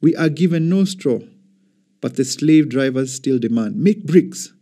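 Man voicing begging slave foremen, pleading, higher, warm dark tone. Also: expressive, a little slow. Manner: begging, raised pitch. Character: desperate male slave foremen begging a king.

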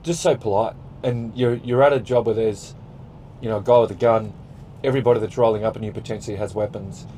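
A man's voice: fairly low pitch, steady tone, fast talker, warm tone, a little hiss or hum, poor audio. A man with an Australian accent, co-hosting a podcast in casual chat, talking in an earnest, reflective way. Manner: earnest, reflective, praises at length. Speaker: podcast co-host.

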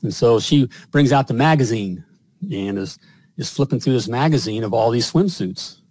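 A man's voice: mid-range voice, animated, normal speed, a little mellow, dry recording. A middle-aged man hosting a show, telling a personal story in a rambling way with lots of fillers and chuckles. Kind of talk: casual storytelling.

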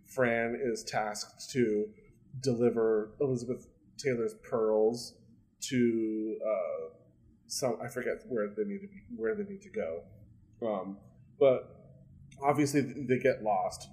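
A man co-hosts a podcast recapping a sitcom, rambling casually with heavy fillers, free swearing and frequent laughter. His mid-range voice has a darkish tone and lively intonation at a slow pace, on a low-quality recording.

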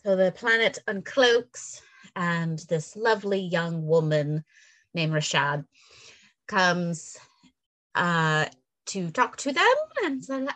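A woman co-hosting a casual chat show, retelling an episode and jumping into quick impressions of the characters. Her pitch swings widely and she sounds lively, and her voice sits a little low for a woman. The recording is dry and close, with no room sound. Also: no room sound. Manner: animated storyteller, acts out characters' lines with big pitch jumps; casual, filler-heavy, swears. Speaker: podcast co-host recapping an episode.

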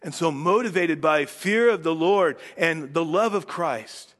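Earnest male pastor preaching in a reverberant hall. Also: a little slow. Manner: earnest, rising in pitch and force on key words, dropping soft at phrase ends. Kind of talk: sermon.

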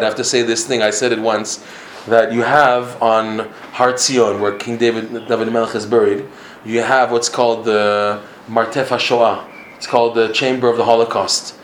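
A man's voice: mid-range voice, slight background noise. A man giving a religious lecture in an emphatic way, often repeating himself and chuckling. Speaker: religious teacher. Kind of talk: Torah lecture. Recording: roomy echo.

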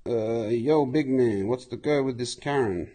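Sweary man ranting, husky voice. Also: mid-range voice, unhurried, warm tone. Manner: profane, swears constantly, rants. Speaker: podcast host. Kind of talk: casual ranting monologue. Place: walking outdoors, then indoors at home.

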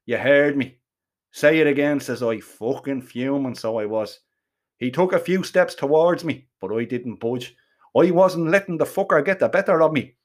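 A man's voice: mid-range voice, expressive, moderate pace. A man with an Irish accent telling a comic first-person story, rambling and full of swearing and colourful slang.

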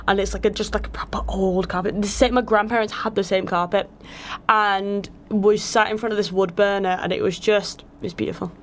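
A woman's voice: medium pitch, steady tone, a little fast, hardly any pauses. A woman co-host banters in a playful, gossipy way. There is a faint hiss of background noise. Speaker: studio co-host.

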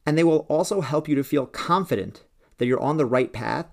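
A man's voice: fairly high pitch, brisk, creaky. Earnest man giving a motivational talk. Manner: earnest, persuasive. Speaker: podcast host and coach. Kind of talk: solo motivational podcast talk.

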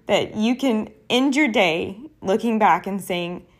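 A woman's voice: mid-range voice, slow pace. Earnest woman hosting a podcast. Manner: earnest, personal and conversational. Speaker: podcast host. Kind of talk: solo podcast talk.

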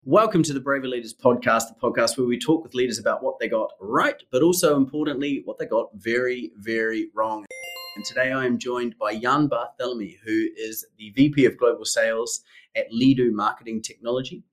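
A man's voice: medium pitch, fairly quick, faint music behind. Upbeat male podcast host. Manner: upbeat, chummy, teasing. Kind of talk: scripted intro, then casual interview.

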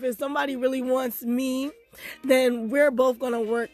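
A woman's voice: high voice, normal speed, soft background music. A young woman hosting her own podcast, talking casually and animatedly to her listeners about her life, dating and faith. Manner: chatty, animated, giggly, addresses listeners as "y'all". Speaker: podcast host. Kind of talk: casual personal talk to listeners.

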